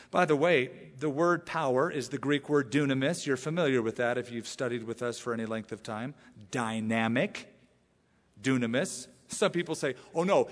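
A man preaching a sermon as a pastor, animated and emphatic, repeating phrases for effect. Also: mid-range voice. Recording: long reverb of a large church hall.

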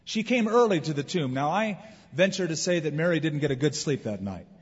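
A man preaching a sermon as pastor, with swings from loud emphasis to quiet, heavy moments. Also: on the high side, brisk, breathy edge. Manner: expressive preaching with wide swings in loudness. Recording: dull lo-fi recording in a reverberant hall.

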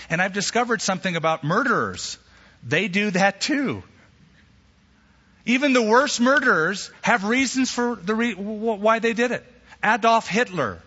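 A man preaching a sermon as pastor, animated, with sudden jumps in pitch and acted-out quotes. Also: husky. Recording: echoey hall, slightly dull sound.

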